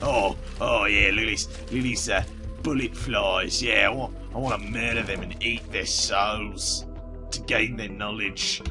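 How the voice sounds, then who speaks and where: A man putting on a rough, attempted Cockney British accent to play a creepy, crude British man in a filthy kitchen, speaking low and menacing. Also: fairly even intonation, a little slow, over music.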